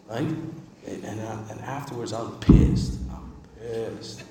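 A man's voice: on the low side, steady tone, takes it slowly, a crowd in the background. Man, emphatic recovery-meeting speaker, testimony, distant mic, echoing hall. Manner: emphatic, conversational, repeats words for emphasis. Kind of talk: personal testimony speech. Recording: echoey hall, distant mic, faint ambience.

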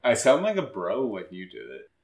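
A man's voice: fairly low pitch, big pitch swings, fairly quick, darkish tone. A man co-hosting a podcast in casual chat, with a dry, teasing manner. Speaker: podcast co-host. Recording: roomy echo.

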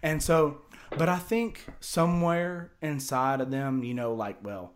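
A man telling a story on a casual podcast, animated and profane, often stammering and repeating words. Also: a little high, measured pace.

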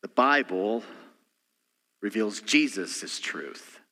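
A man, a senior pastor, preaching a sermon and swinging between loud emphatic lines and quiet, almost whispered asides. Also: fairly low pitch, animated, drawn-out words, gravelly. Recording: church hall reverb.

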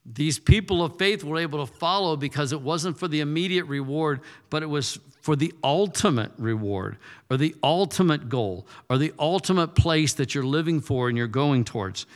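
A man's voice: on the high side, lively intonation, moderate pace. A male pastor preaching a sermon in a loose, conversational way, often repeating words as he goes. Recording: reverberant hall.

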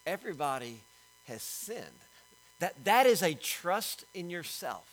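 Man, middle-aged pastor, sermon, high-pitched, bright tone, emphatic then hushed. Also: big pitch swings, measured pace, poor audio. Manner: swings between loud emphatic preaching and quiet storytelling.

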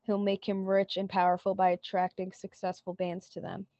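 Mellow-voiced woman recapping an episode. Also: mid-range voice, completely flat delivery, normal speed, no room sound, dull audio. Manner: retells scenes with many "like" quotes. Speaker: podcast co-host. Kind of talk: casual recap chat.

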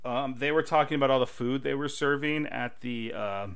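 Man, podcast co-host, casual chat, bright clear tone, jokey and laughing. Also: medium pitch, moderate pace.

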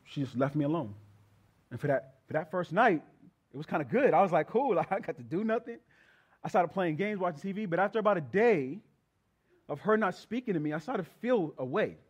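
A man's voice: on the high side, expressive, brisk, husky. A man preaching a sermon, moving from prayer into a personal story and talking straight to the congregation. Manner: conversational preaching, addresses congregation as y'all.

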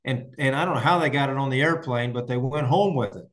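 A man's voice: mid-range voice, fast talker. A man hosting a farming podcast, from Indiana, chatting casually and enthusiastically with listeners and answering their questions, with plenty of restarts. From Indiana, United States. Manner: rambling, enthusiastic, frequent restarts. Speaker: podcast host and farmer. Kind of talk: casual live-stream chat answering questions.

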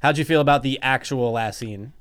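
A man's voice: medium pitch, a little fast, fairly bright tone, clean tone. A man co-hosting a casual movie review podcast, laid-back, chiming in with short agreeing remarks and profane jokes. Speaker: podcast co-host.

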